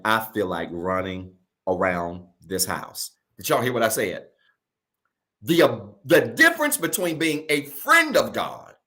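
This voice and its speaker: A male pastor preaching a sermon to a virtual congregation from home, colloquial, often calling his listeners y'all, slowing down to stress key phrases and rushing through asides. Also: medium pitch, a bit bright. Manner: preaching with slow emphatic stretches and quick asides.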